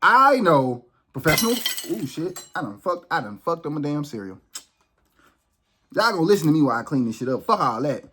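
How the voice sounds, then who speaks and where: A man's voice: a little high, sing-song, brisk, sharp tone, a little hiss or hum. A man hosting his own vlog, ranting off the cuff in a heated, profane and emphatic way, often restarting his sentences. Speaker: vlog host.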